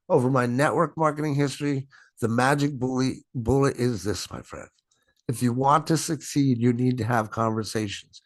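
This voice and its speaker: This is a middle-aged man leading a sales training session over a video call. He speaks at a middle pitch and stresses and draws out words for effect. His voice sounds dry and close, with no room echo. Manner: emphatic, stretches and stresses words; frequent "right?" tag questions. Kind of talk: business training presentation.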